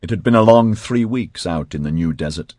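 Deep, husky male audiobook narrator. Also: fairly quick, no room sound, studio quality. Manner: expressive storytelling.

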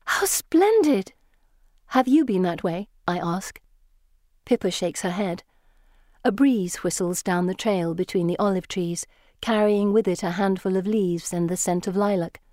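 Woman audiobook narrator, measured and even, dry close recording. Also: lowish voice, dry recording. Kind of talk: first-person audiobook narration.

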